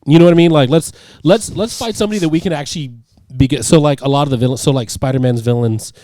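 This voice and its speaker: A man's voice: a little high, fast talker, warm tone, no echo. A man co-hosting a casual movie review chat in a rambling, laid-back way. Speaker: podcast co-host.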